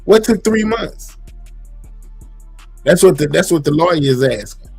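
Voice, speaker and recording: A man hosts a livestream with easygoing, slangy chatter, his voice sitting a little high. The sound is close and dry, with no room echo around it. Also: expressive, a little slow, vocal fry, darkish tone, husky, soft background music. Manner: laid-back, slangy, chatty. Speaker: livestream host. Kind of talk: casual chat.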